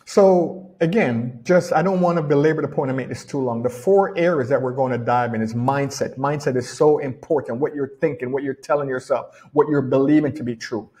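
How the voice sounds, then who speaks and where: This middle-aged man, a personal development coach with a Jamaican accent, has a mid-range, darkish voice. He delivers a relaxed motivational talk at home in the rain, coming back to key phrases again and again for emphasis.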